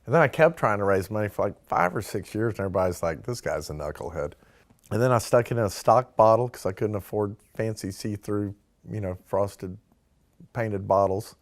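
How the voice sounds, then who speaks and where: His voice lowish and his pace brisk, a man explains in a casual interview how he started a distillery. He quotes other people by acting out their words and fills his speech with "like" and "you know."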